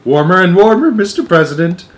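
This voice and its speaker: A man's voice: high-pitched, sing-song, a little fast, pitched above the performer's own voice. A man voicing a nervous, fawning male chief spy who talks in a twitchy, eager way.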